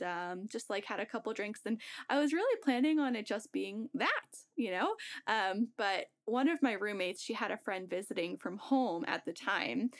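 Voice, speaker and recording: A young woman casually telling a story on a podcast, laughing often and acting out the voices she quotes. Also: medium pitch.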